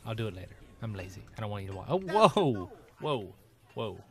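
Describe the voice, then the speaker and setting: A man's voice: on the low side, very animated, brisk, a bit bright. A man giving gameplay commentary, grumbling and sarcastic as he talks to his audience. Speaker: let's play gamer.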